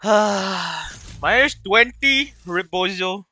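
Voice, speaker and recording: Guy streaming a racing game, talks kinda slow and chatty with his viewers, yells when stuff goes wrong. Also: high-pitched. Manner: chatty, answers viewers' chat between races; bursts into excited yelps and laughs at the race. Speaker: livestream host. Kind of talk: live gameplay commentary.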